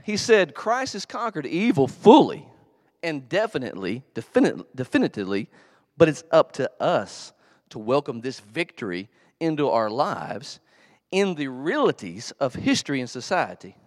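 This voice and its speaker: A man's voice: mid-range voice, moderate pace, no room sound, studio quality. A man preaching a casual, slangy sermon in a church. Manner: animated storytelling, slangy, with acted asides. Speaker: pastor.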